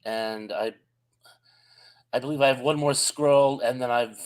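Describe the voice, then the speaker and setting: A man's voice: medium pitch, fairly even intonation, unhurried. A man with a Southern US accent co-hosting a live stream, reading out chat greetings in a friendly, chatty way.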